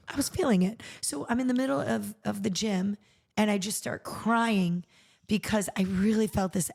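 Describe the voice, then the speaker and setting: A middle-aged woman, a charity founder, telling her personal story on a podcast in an earnest, animated way, acting out what people said. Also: mid-range voice, creaky. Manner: earnest, animated retelling with acted-out quotes.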